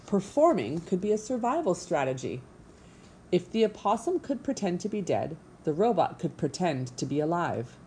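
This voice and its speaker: A woman narrating a children's storybook in an expressive, measured way. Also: lowish voice, slight background noise. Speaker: audiobook narrator.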